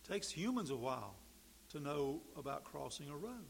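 Gravelly-voiced male preacher. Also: sing-song, normal speed, a little hiss or hum. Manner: emphatic, climbs loud and high then drops to quiet asides. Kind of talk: sermon.

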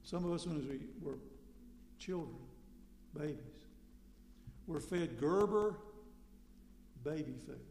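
A man preaching a sermon in a conversational way, asking rhetorical questions and suddenly getting loud for emphasis. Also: on the high side, lively intonation, slow pace, long pauses, a little hiss or hum. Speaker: pastor. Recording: echoey hall with long reverb.

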